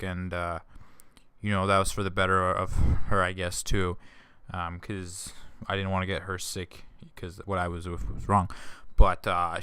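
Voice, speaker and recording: A man's voice: on the low side, pushed and bright, clear, resonant tone. A young man hosting a gaming channel, telling a rambling personal story with lots of swearing and self-corrections. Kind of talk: casual storytelling over gameplay.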